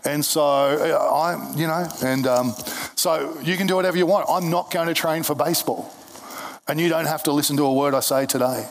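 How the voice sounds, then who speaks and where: Male pastor, casual sermon on a stage mic, slightly high voice, chatty and joking, trips over restarts. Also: fairly even intonation, moderate pace, gravelly, slight background noise. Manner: conversational, jokey, with many restarts. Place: church service.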